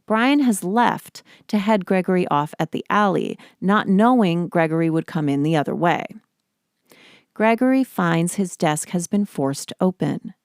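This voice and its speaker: A woman podcast host giving scripted narration in a measured, deliberate way. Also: low-pitched, darkish tone, dry recording, clean studio sound.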